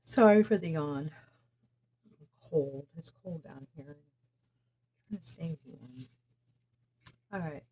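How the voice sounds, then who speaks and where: A woman chatting casually while she does crafts, soft-spoken and a little mumbly. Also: deep voice, slow pace, long pauses, slightly rough. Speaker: crafting vlogger.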